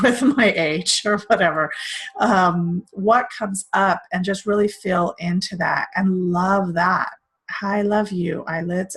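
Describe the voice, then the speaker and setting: Earnest woman, low voice, self-help talk. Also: a bit bright, low-quality recording. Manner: earnest, rambling with fillers. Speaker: self-care course host.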